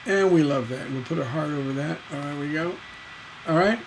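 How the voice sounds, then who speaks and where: A man teaching songwriting on a livestream, taking a lyric apart in a playful, animated way and singing out the syllable patterns as he goes. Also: fairly high pitch, a little fast, gravelly, background noise.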